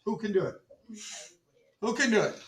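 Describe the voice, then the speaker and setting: A male chemistry teacher running a classroom demonstration, joking with students, repeating "all right" and calling the class ladies and gentlemen. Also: high voice, lively intonation, moderate pace, crowd noise. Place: school classroom. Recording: echoey classroom from far off.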